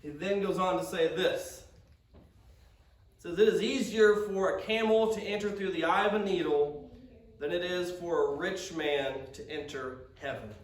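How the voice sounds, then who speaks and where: A man's voice: high voice, unhurried, recorded from a distance. A man preaching a conversational sermon as pastor, with frequent stammered restarts and quotes acted out in character. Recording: roomy sound from off-mic.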